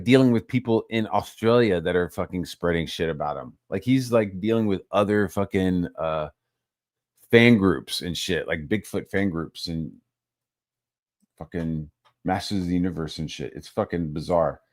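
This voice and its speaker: Profane, ranting man with a low voice. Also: no room sound, studio quality. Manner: profane, animated, mocks others in put-on voices. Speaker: channel host. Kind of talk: casual ranting commentary.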